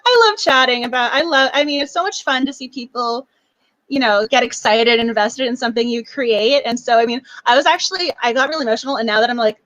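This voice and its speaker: Bubbly, teary-eyed woman hosting a book club stream, bright high voice, dry close sound. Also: fast talker, no room sound, low-quality recording. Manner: bubbly, gushing, laughs often. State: emotional, near tears. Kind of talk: casual live stream chat.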